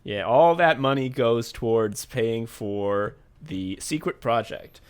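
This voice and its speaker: A man co-hosting a podcast in casual comedic chat, reading patron names with deadpan absurd jokes. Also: medium pitch, takes it slowly, clean tone. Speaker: podcast co-host.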